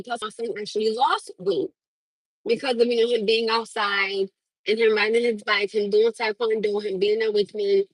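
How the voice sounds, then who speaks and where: Laughing a lot and swearing freely, this livestream host, a woman in her thirties, tells her viewers a laid-back story with plenty of animation. Her voice is on the high side and slightly rough, with no room sound, and the recording is rough.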